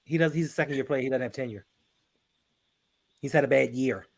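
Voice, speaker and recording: A man's voice: medium pitch, brisk, creaky. A man on a video call in casual sports talk, argumentative and teasing, often cutting in.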